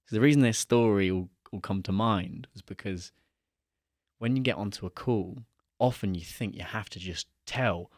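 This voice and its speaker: A young man with a low voice tells a story in a casual podcast chat. He livens up as he acts out both sides of the conversation. The sound is close and dry, with no room echo. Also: moderate pace. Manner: animated, acts out quoted dialogue. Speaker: podcast guest.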